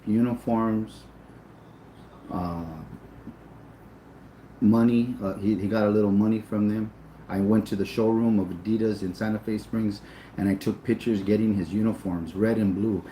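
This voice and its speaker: A man's voice: lowish voice, warm tone, roomy sound, slight background noise, rough recording. A man telling a personal story in casual, profane speech, with emotion and plenty of repetition. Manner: emotional, profane, repeats himself. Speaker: storyteller recounting his son's boxing.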